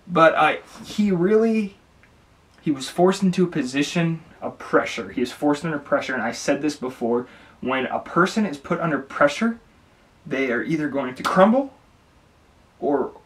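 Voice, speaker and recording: A man's voice: a little high, expressive, normal speed. A young man talks eagerly in a loose, rambling way, tripping over his words and starting sentences again. He sits a little back from the microphone, so his voice sounds slightly distant. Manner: enthusiastic, rambling with restarts. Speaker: video host. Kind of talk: casual ranking monologue.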